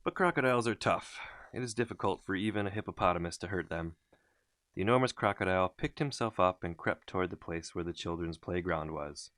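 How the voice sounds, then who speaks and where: A man reading a children's story aloud in an expressive, unhurried way. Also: low voice, no echo, studio quality. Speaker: storybook reader.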